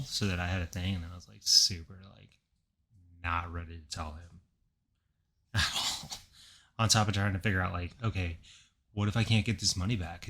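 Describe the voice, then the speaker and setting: A man's voice: deep voice, pushed and bright. A young adult man co-hosting a podcast, telling a story in a wry, rambling way. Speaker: podcast co-host. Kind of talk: casual chat.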